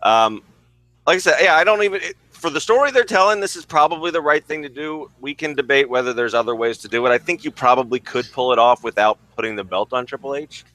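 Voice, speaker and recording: A man's voice: mid-range voice, fast, bright, forceful tone, no echo. A man co-hosting a casual wrestling podcast, rambling with many fillers and some swearing. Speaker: podcast co-host.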